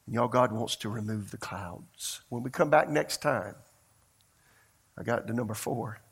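A man's voice: mid-range voice, unhurried, breathy edge. A man preaching a sermon, telling a story in a fervent, conversational way and speaking straight to the congregation. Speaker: pastor.

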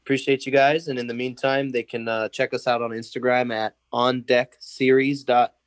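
Young male guest, lively storyteller on a remote call, dry and close sound. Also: medium pitch, moderate pace, no room sound. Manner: animated storyteller, acts out quotes, laughs often. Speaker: podcast guest. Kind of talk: casual chat.

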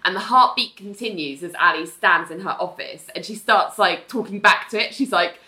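A woman's voice: medium pitch, normal speed, few pauses. A woman co-hosting a chat show, animatedly retelling TV scenes and acting out the characters' lines. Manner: animated, acts out quoted lines, laughs often. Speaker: podcast co-host recapping a TV episode.

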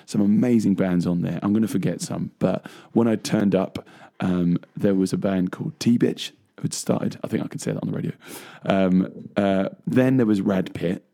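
A man with a low, gravelly voice talks in a loose, rambling way on a music chat show. His tone is dark and husky. He trails off into fillers and laughs often. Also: fairly even intonation, moderate pace, hardly any pauses. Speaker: co-host, bass player. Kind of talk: casual chat. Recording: radio show studio mic.

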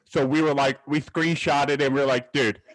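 A man co-hosting a casual sports podcast, eager and quick to jump in. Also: fairly high pitch, little pitch movement, poor audio. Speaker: podcast co-host.

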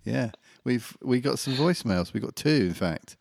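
Guy co-hosting a chat podcast, low, gravelly, dry close mic. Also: normal speed, no room sound. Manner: easygoing, relaxed, says "mate". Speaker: podcast co-host. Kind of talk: casual chat.

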